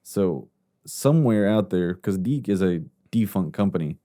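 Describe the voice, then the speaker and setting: A man's voice: deep voice, lively intonation, measured pace, warm tone. A man co-hosting a podcast, mostly chiming in with short agreements and now and then explaining film trivia in casual chat. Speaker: podcast co-host. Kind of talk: casual movie review chat.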